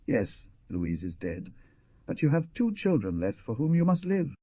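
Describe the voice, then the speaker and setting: A man's voice: medium pitch, big pitch swings, a little slow, breathy edge, no room sound, voice pushed up. A weary, middle-aged farmer who talks firmly and presses his friend along, as a man voices him. His voice sits well above a plain reading tone and swings up and down. It comes through a dull, dry, lo-fi recording. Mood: consoling.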